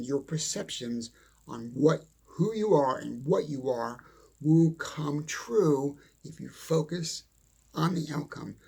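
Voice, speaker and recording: Gravelly, emphatic motivational speaker man. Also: fairly high pitch, darkish tone. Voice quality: gravelly, husky. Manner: emphatic, blunt, mild cursing, repeats for emphasis. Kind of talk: motivational monologue.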